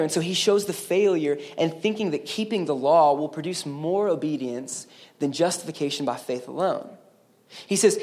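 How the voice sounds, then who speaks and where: A man preaching a sermon as pastor, earnest and emphatic, with casual asides to the congregation. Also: moderate pace. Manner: earnest, emphatic preaching that rises higher and louder on exhortations; conversational asides and checks with the congregation.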